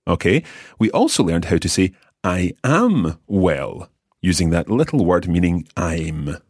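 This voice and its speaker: A man with a very deep, slightly husky voice teaches a language lesson. His pitch moves a lot as he explains patiently and sounds out each word slowly. The recording is dry and close, with no room sound. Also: big pitch swings, a little mellow, no room sound.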